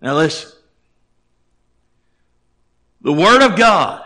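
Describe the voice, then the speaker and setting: A male preacher delivering a sermon at a slow, deliberate pace. His voice sits high and sounds sharply bright and forceful. He climbs to near-shouts on key words, then drops low and quiet to close a thought. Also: lively intonation. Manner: emphatic, rising to near-shouts and dropping low.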